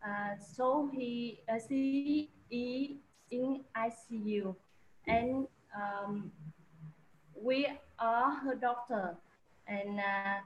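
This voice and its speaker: A woman speaks slowly and hesitantly as a doctor in a medical role-play. The sound is muffled and roomy, with faint noise behind. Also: fairly high pitch. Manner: hesitant, many fillers.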